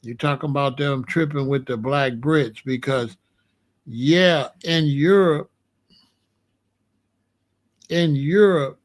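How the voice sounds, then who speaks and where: A man with an African American accent talks casually as a commentary host, rambling and retelling his conversations with lots of repeats and restarts. He speaks slowly, in a somewhat high voice.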